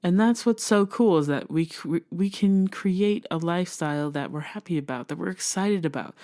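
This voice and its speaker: Woman, motivational podcast host, earnest and encouraging, lowish pitch. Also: darkish tone. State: emotional.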